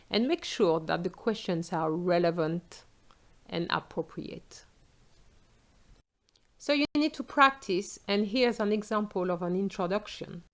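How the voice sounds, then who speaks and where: Slow, patient French woman teacher. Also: mid-range voice. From France. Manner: slow, clear explaining, switching into example phrases. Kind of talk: exam tips lesson.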